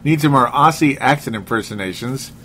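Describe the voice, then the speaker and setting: A man's voice: mid-range voice, lively intonation, fairly quick, a bit bright, a little hiss or hum. A man hosting a casual sports podcast. He reads listener comments aloud and laughs often. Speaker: podcast host.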